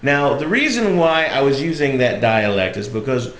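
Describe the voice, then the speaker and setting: A man with a Southern US accent telling a personal road story in a relaxed, reflective way with frequent fillers. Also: medium pitch, moderate pace. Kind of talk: casual storytelling monologue. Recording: echoey room.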